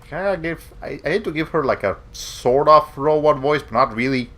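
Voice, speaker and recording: Brief: young man, let's-play streamer, animated pitch, joking asides. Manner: rambling, jokey, quick asides. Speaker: game streamer.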